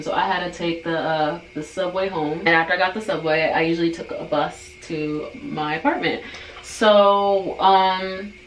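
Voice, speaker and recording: A young woman vlogger does her hair while casually telling a rambling, chatty story, saying "like" constantly. Her voice is lowish with a fairly bright tone, recorded in a roomy space with faint background noise.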